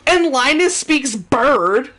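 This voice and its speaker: A woman's voice: high-pitched, expressive, slow, fairly bright tone. A woman streamer chatting casually and laughing often while commenting on a game she is playing live.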